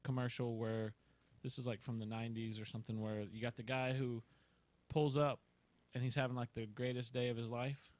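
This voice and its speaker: A man's voice: mid-range voice, brisk. A man hosting a casual chat show, telling funny stories with lots of laughter. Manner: animated storyteller, laughs often. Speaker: host.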